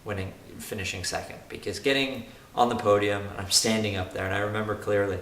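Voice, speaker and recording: A man's voice: on the low side, fairly even intonation, fast, a bit bright. A young man, a race car driver, telling his own story in an earnest, reflective way, often restarting his sentences. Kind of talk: personal testimonial. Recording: roomy room with faint hiss.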